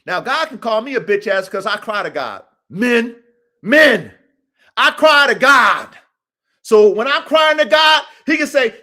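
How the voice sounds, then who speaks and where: A man with a high-pitched voice delivers a rough, profane motivational rant as a podcast host. He drops to low mutters, then climbs into shouts, preaching straight at the listener. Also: lively intonation, measured pace.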